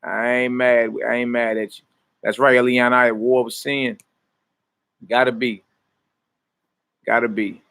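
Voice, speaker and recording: A man's voice: medium pitch, unhurried, pauses often, clean tone. Laid-back man preaching in street slang. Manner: relaxed street slang, addresses viewers by name. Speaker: minister teaching scripture. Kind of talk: casual livestream sermon.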